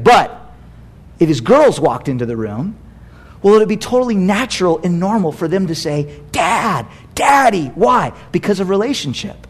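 A middle-aged American pastor delivering a sermon in a high voice that leaps up and down. He preaches in a chatty, animated way and drops in playful asides.

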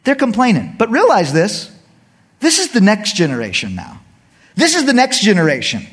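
A male pastor preaching a sermon to a congregation in an animated way, acting out the people and God as he goes. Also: high-pitched, normal speed, slightly rough, big-room sound.

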